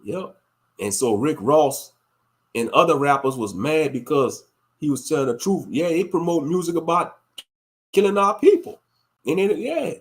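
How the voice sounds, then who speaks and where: A man's voice: fairly high pitch, animated, moderate pace. A man in his late thirties hosting a casual commentary monologue, thinking aloud and turning preachy. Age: late 30s. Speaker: host.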